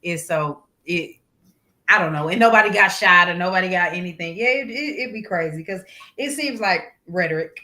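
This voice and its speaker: A woman co-hosting a casual talk show, telling a story in an animated way, laughing often and swearing freely. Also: fairly low pitch, normal speed. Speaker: co-host.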